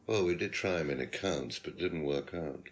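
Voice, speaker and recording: A man's voice: a bass voice, moderate pace, soft background music. An actor playing a smug, condescending male lecturer who is questioned as a suspect in a detective video game, pompous and dismissive. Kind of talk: FMV game acting.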